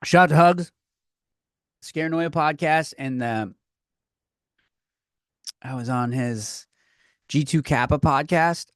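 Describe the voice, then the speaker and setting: This comedy podcast host's voice is a little high and a bit bright, slow and full of pauses as he rants profanely and trips over restarts. Recorded on his own podcast mic, it sounds clean and studio-like, with no echo.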